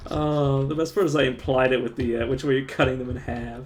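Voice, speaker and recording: A man's voice: medium pitch, fairly even intonation, a little fast, few pauses. A man streaming live, chatting casually, often breaking into laughter and restarting his sentences.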